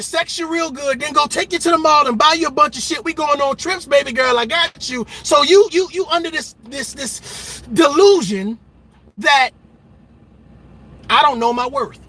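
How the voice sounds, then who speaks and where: High-pitched, bright, heated man ranting. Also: moderate pace. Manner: loud, emphatic, mocking, repetitive. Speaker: reaction channel host. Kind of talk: heated reaction rant.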